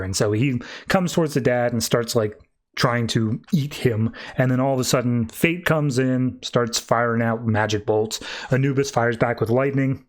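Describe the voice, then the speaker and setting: A man's voice: mid-range voice, normal speed. A man hosting a podcast, recapping a comic in an offhand, wry way with casual swearing. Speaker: podcast host.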